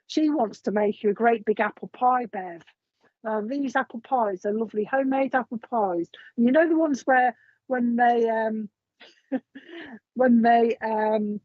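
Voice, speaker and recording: A woman's voice: on the high side, a little mellow, dry recording, dull audio. A woman giving a live mediumship reading. She talks in a chatty, meandering way and passes along messages with frequent ums. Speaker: psychic medium.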